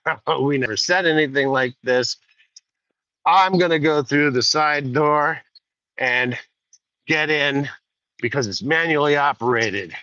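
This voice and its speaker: A man's voice: on the high side, sharp tone, no echo. A man voicing a panicked male astronaut who is locked outside and urgently pleads to be let in. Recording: dull lo-fi sound.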